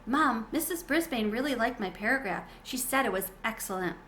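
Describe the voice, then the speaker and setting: A chatty, eager young schoolgirl from a children's storybook, read aloud by a woman. The voice sits a little high and sounds bright and clear, and she rattles on happily about her hamster. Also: expressive, moderate pace, slight background noise. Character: young schoolgirl, lonely big sister.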